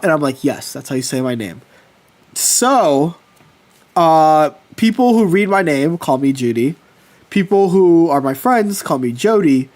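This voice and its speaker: A man chatting casually with his livestream viewers, telling personal stories with lively swearing. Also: high voice. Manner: animated storytelling, swears casually. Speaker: streamer.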